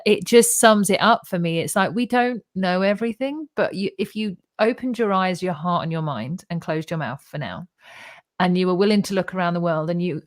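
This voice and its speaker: A woman hosting a casual live conversation, telling stories in an animated, chatty way. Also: fairly low pitch. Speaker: host of a live spiritual talk stream.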